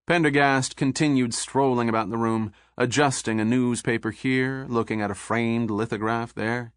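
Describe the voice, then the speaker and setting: A man narrating an audiobook in a measured, steady storytelling voice. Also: medium pitch, clean tone, dry recording, clean studio sound.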